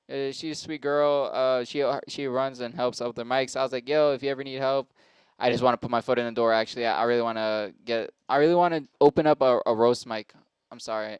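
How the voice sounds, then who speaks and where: A man's voice: medium pitch, clean tone, dry recording. A man hosting a show and talking in a casual, rambling, profane monologue, often cutting himself off mid-sentence. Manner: profane, rambling, self-interrupting. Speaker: host and stand-up comic.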